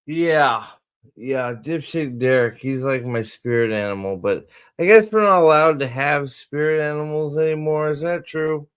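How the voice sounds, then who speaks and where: A man's voice: on the high side, moderate pace, a bit bright, smooth. A man hosting a livestream, rambling and joking with hesitant fillers. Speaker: streamer host. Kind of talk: casual livestream chat.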